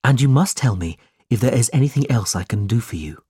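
A man's voice: mid-range voice, expressive, fairly quick, mellow, slightly rough, dry recording, clean studio sound. A man voicing a polite, earnest young man. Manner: courteous, earnest.

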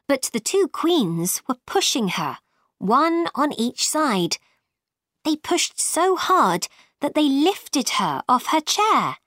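Slow, lively woman reading a storybook. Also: on the high side, dry recording, studio quality. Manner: clear, expressive and unhurried.

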